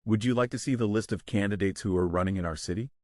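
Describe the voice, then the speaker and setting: A weary male election worker who speaks slowly and calmly, as if explaining to a child, read by a man narrating the story. The voice is low and dry, with no room around it. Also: dry recording, lightly acted. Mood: patient. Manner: slow, calm, explaining carefully.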